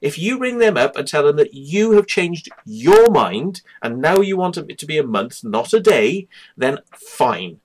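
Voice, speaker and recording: A man's voice: fairly high pitch, very animated, a little slow, slightly rough. A man telling a personal story to camera, heated and sweary, who keeps checking in with "right?" and "yeah?". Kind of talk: angry personal account to camera.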